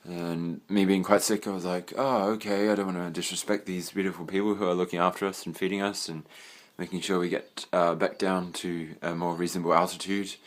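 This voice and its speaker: Casual room-tour vlogger: young Australian guy, deep voice, meandering and sweary. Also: fairly even intonation, brisk, few pauses. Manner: rambling, swears casually, trails off with fillers. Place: own bedroom.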